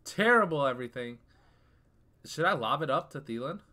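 A young man talks through his football video game match in a bright, sharp voice. He grumbles and trash-talks about his opponent's plays, then bursts into sudden loud shouts of frustration. He sits close to a desk mic, with a keyboard within reach. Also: a little high, lively intonation, normal speed. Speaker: gaming YouTuber. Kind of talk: live gameplay commentary.

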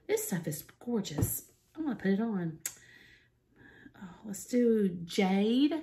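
A woman vlogger chatting excitedly through a makeup unboxing, gasping and gushing and often dropping to a whisper. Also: medium pitch, slow.

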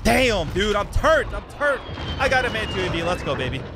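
A young man giving excited, trash-talking commentary over his own gameplay, often repeating himself. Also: high voice, brisk, noisy background. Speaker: gaming YouTuber. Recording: game gunfire loud behind voice. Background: gunfire and explosions from the game.

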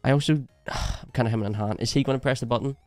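Man, reaction host, blunt, opinionated, mid-pitched, dry close sound. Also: rapid-fire, a little mellow, no echo, soft background music. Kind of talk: casual commentary.

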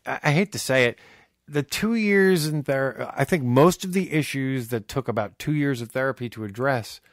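A man's voice: medium pitch, moderate pace, dry recording, clean studio sound. A man co-hosting a podcast, chatting casually in a profane, joking way. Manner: profane, joking, does silly voices. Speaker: podcast co-host. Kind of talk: casual chat.

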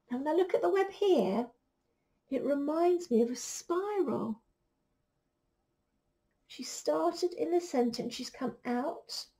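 Gentle high-voiced woman reading aloud. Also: expressive. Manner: gentle, slow, drops to soft whispers. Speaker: teacher reading to children. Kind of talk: picture-book read-aloud.

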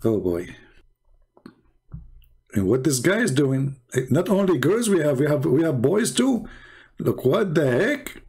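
A man giving sarcastic reaction commentary on videos, mocking and chuckling, in broken English, his voice going hoarse. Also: a little high, very animated, normal speed, a little mellow. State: losing his voice.

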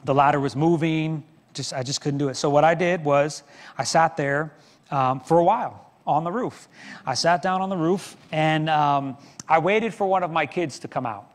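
Middle-aged pastor guy preaching, tells stories w/ self-deprecating jokes, kinda high voice, church reverb. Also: normal speed. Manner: storytelling with self-deprecating humor. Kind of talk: sermon. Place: church sanctuary.

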